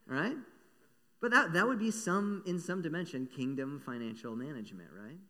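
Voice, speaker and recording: A man preaching a sermon, playful and animated, acting out little voices as he talks. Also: fairly high pitch, moderate pace. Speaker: pastor. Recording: long echo of a large hall.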